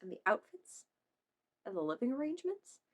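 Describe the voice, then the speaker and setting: Her fairly high voice has a sing-song quality, a slight roughness, and moves a little fast. She's a young vlogger chatting casually as she reacts to memes, cursing, laughing often, and doing goofy voices for fun.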